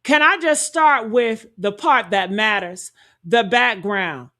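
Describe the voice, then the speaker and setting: A woman talks through a true-crime story in a high voice at an unhurried pace. She leans on rhetorical questions and speaks to her audience as honey and y'all. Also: pushed and bright. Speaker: commentary host. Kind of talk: true-crime commentary to viewers.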